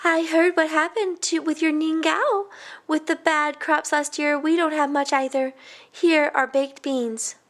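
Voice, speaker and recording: A woman voicing a kind vegetable seller in a storybook, gentle and sympathetic. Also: sits high, fairly even intonation, a little slow, voice pushed up.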